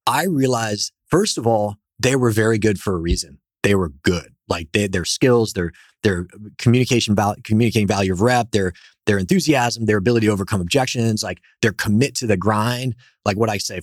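Animated male founder telling stories. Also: on the low side, fairly quick, no echo, studio quality. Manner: animated, energetic storyteller. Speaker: company founder and CEO, guest. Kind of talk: casual storytelling interview.

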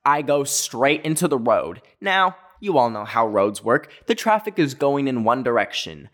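A man's voice: mid-range voice, unhurried, fairly bright tone. A young man from North America hosting a podcast, telling a story with lots of "like" and jokey asides. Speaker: podcast host.

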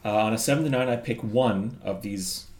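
Low-voiced man counting dice rolls. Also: normal speed, darkish tone. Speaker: player. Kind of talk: tabletop role-play.

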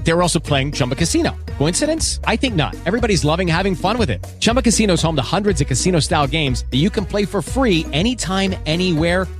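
An upbeat male announcer with a lightish voice, reading an ad at a quick, salesy clip. Faint music plays behind him. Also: high-pitched, sing-song. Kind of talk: scripted radio ad read.

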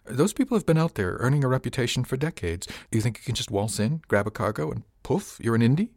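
A man voicing a shrewd, wry older male mentor with a raspy voice, in an audiobook. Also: medium pitch, sing-song, fast, darkish tone, no echo, clean studio sound, pitched above the performer's own voice.

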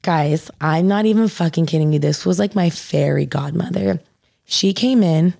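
A woman's voice: on the low side, normal speed, gravelly, dark tone. A young woman telling a personal story in casual chat, saying "like" constantly and swearing freely.

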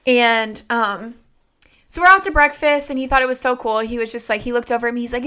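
Bright, clear-voiced young woman storytelling. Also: a little high, fairly quick. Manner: rambling and conversational, with many fillers and restarts. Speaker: vlogger. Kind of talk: casual personal storytelling.

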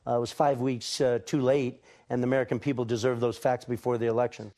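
A man giving earnest, deliberate answers as a guest in a television interview. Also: medium pitch, little pitch movement, mellow.

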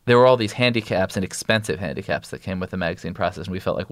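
A man's voice: sits low, fast, dry recording, clean studio sound. A man answering as a podcast guest in loose, rambling conversation, full of restarts and fillers. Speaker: podcast guest, news editor. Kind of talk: casual interview conversation.

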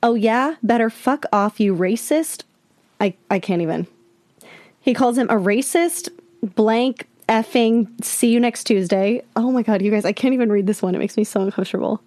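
A woman's voice: fairly high pitch, normal speed, darkish tone, dry recording. A woman hosting a podcast, talking candidly and with exasperation straight to her listeners. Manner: candid, exasperated, addresses listeners as "you guys". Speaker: podcast host. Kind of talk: casual podcast commentary.

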